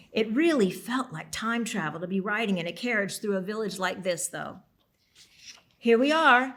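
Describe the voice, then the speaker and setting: A woman author reading her own novel aloud at a library event, steady, with the odd slip and apology. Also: medium pitch.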